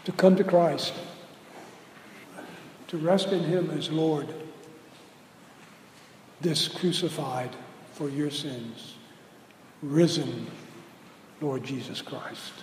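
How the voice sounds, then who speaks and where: A man preaching a sermon as pastor, slow and deliberate, building to loud emphatic peaks. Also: fairly high pitch, fairly even intonation, a little hiss or hum. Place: church sanctuary. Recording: roomy hall reverb with faint ambience.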